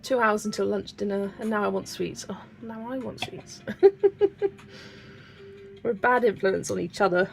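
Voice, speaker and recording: A woman's voice: medium pitch, steady tone, a little slow, creaky, long pauses, soft background music. A young British woman with a British accent, chatting casually and giggling while she colours on a livestream and reads out viewer comments. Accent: British English. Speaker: colouring channel host.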